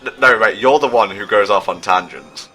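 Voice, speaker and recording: A man commentating a video game with a dry, teasing and pedantic manner. His voice sits a little low but sounds bright and forward. Faint game music runs underneath. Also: moderate pace. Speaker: let's play co-host. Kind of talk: casual gameplay commentary.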